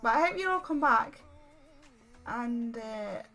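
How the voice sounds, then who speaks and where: A woman's voice: fairly high pitch, animated, takes it slowly, bright, forceful tone, faint music behind. A woman from Derbyshire hosting a casual livestream from home, chatting in a rambling, giggly way. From Derbyshire, England. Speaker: livestream host. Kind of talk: casual livestream chat while stitching.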